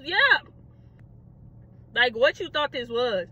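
Brief: young woman, high and bright voice, dramatic, animated storytime delivery. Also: normal speed, pauses often, a little hiss or hum. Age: young adult. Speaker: vlogger. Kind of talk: casual storytime.

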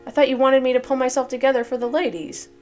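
A woman's voice: high-pitched, steady tone, quick pace, darkish tone, soft background music, voice pushed up, lightly acted. A woman reading the lines of a witty, temperamental male painter, giving his retorts a drawl and a scornful edge.

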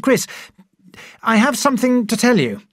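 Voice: mid-range voice, big pitch swings, normal speed, dry recording, studio quality, pitched above the performer's own voice. A reader voicing an eager, earnest young male doctor who talks in a raised, lifted tone.

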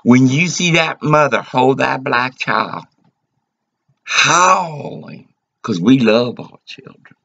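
A man's voice: medium pitch, lively intonation, slow pace, vocal fry, sharp tone. A man delivering an agitated, rambling, profane rant to the camera. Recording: dull lo-fi recording.

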